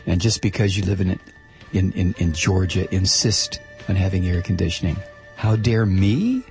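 A man's voice: low voice, lively intonation, moderate pace, darkish tone, faint music behind, voice pushed down. A man voicing a smug, greedy oil company executive who talks down to his listeners with sneering condescension. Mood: indignant mocking.

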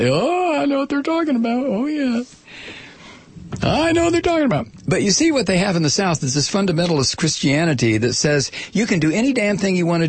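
A man's voice: fairly high pitch, slightly rough, no room sound. A man hosting a talk radio show, delivering a sarcastic, combative opinion monologue.

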